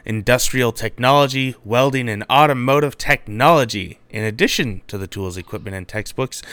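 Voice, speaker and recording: A man presenting a local news bulletin in a steady newsreading manner, now and then breaking off for a joking aside. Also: mid-range voice, smooth, no echo.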